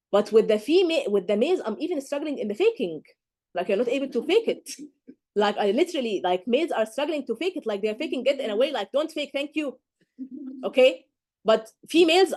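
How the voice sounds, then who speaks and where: A woman teaching a class of medical exam candidates, her voice pitched a little high yet mellow and warm. She speaks emphatically and keeps checking that her students follow along. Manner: emphatic, keeps checking understanding with "okay?" and "do you get?". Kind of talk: live lecture to students.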